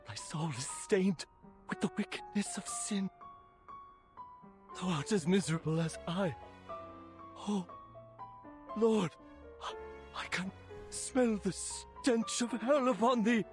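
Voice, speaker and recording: A woman's voice: mid-range voice, slow pace, pauses often, over music, voice pushed down, lightly acted. A woman voicing a fanatical middle-aged man who preaches in archaic, solemn speech. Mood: accusing.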